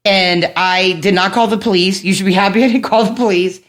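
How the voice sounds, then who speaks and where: A woman guest chats on a podcast about her best friend. She rambles, laughs, swears, and quotes other people as she goes, with her voice at a middle pitch. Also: fairly even intonation, a little fast, background noise. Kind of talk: casual storytelling chat.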